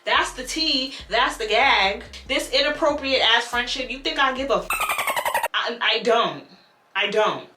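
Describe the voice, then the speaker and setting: A young woman telling a storytime on her vlog, animated and blunt, swearing freely. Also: fairly high pitch, unhurried, echoey room, heavy background noise.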